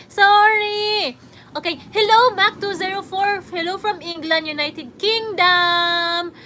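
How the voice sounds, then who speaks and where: Giggly high-voiced Filipino woman streaming. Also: measured pace, bright, forceful tone, slight background noise. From Philippines. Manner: giggly, chatty, reads comments aloud. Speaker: livestreamer reading chat. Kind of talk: casual livestream chat.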